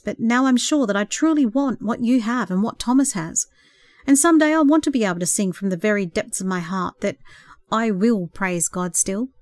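A woman reading a novel aloud in a gentle, expressive storytelling voice, softly acting out the dialogue. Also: medium pitch, no echo. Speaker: audiobook narrator. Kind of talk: scripted narration.

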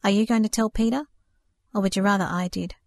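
A woman's voice: mid-range voice, steady tone, fast talker, creaky, dry recording, natural voice. A woman voicing a hesitant, sorrowful young man in a storybook reading.

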